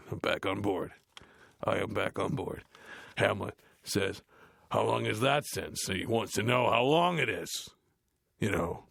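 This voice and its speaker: A gruff, dim cartoon heavy metal frontman mutters deadpan through an audiobook reading. His voice is low and deeply gravelly. It is recorded close and dry, with no room sound. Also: dry recording, heavily acted. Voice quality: gravelly, growly. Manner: deadpan, grumbling, dismissive.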